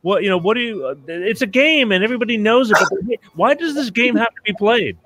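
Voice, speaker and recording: A man's voice: high-pitched, animated, fairly quick, a bit bright. A man hosting a podcast in casual interview chat, rambling and frank, with lots of restarts and the odd swear. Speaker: podcast host.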